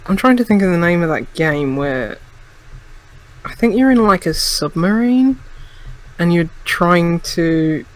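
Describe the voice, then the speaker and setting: A woman's voice: lowish voice, animated, a little slow. A woman co-hosting a podcast in casual chat, dropping wry, dry quips. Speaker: podcast co-host.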